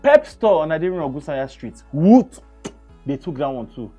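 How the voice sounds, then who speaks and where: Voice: medium pitch, very animated, a little fast, warm tone, slightly rough, faint music behind. A Nigerian radio host with a Nigerian accent, delivering an emphatic opinion monologue and repeating phrases for stress.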